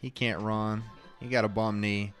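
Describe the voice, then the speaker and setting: A man's voice: fairly low pitch, little pitch movement, normal speed, faint music behind. A man co-hosting a casual watch party stream, calling plays and reading viewer comments aloud with a wry, exasperated manner.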